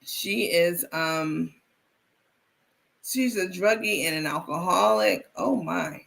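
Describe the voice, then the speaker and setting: Gravelly, bright-voiced woman streamer. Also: on the low side, expressive, takes it slowly. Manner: chatty, reads viewer comments aloud, frequent restarts. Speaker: live-stream host. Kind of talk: casual live-stream commentary.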